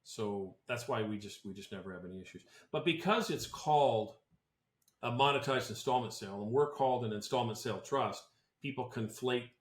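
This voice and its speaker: A man's voice: medium pitch, lively intonation, normal speed. A man who advises on tax planning talks on a podcast in a casual, blunt and opinionated way, often restarting his sentences. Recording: roomy echo.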